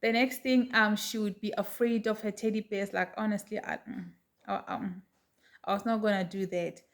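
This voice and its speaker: A middle-aged woman telling a personal story to her viewers in a chatty, animated way. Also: medium pitch, moderate pace. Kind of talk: casual storytelling to camera.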